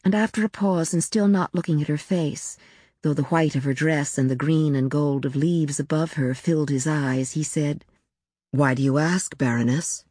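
Woman narrator, measured literary reading, low pitch, dry studio. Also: dark tone, slightly rough, dry recording. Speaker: audiobook narrator.

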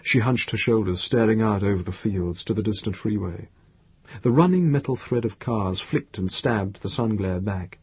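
A man reads fiction aloud as the audiobook narrator, in slow, measured narration. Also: lowish voice, a little mellow, husky, no room sound. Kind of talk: scripted narration.

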